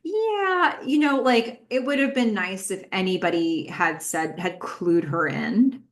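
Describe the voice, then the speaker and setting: A woman's voice: mid-range voice, lively intonation, measured pace. A woman hosting a podcast, giving a chatty recap of a TV episode with many fillers and questions for her listeners. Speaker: podcast host.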